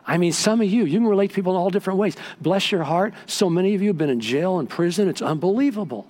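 An older male pastor delivers a sermon in a church, his voice sitting a touch higher than most men's. He tells stories with animated energy, rising to loud emphatic peaks and then dropping to near-hushed moments. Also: fast. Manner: animated storytelling preacher, swings from loud to hushed. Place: church sanctuary.

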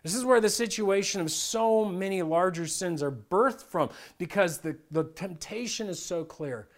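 A male pastor delivers a conversational sermon with a fairly high-pitched voice. He keeps it lively and informal, slipping in acted-out voices as he speaks. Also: moderate pace.

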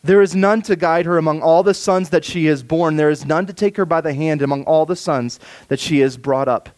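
Expressive and a touch high in pitch, this adult male pastor with children reads scripture quietly and at a slow pace. He builds his voice up when he wants to drive something home.

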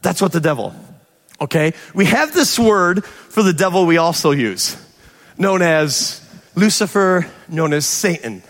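A man preaching a sermon, animated, with sudden shouts and quick asides. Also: on the high side. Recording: long hall reverb.

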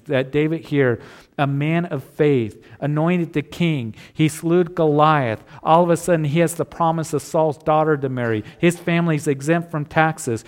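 A man preaching a sermon as pastor, earnest and conversational, with occasional restarts. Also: fairly high pitch.

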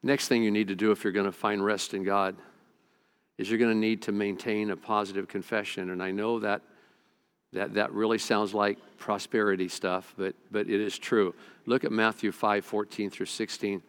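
A man's voice: fairly low pitch, little pitch movement, moderate pace, smooth. A middle-aged male pastor preaching a sermon, telling a personal story earnestly, with frequent stammered restarts.

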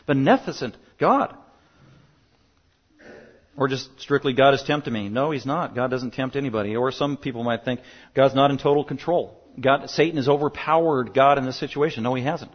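A man preaching a sermon as pastor, emphatic and building to loud bursts on his main points. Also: medium pitch, husky. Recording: dull lo-fi sound.

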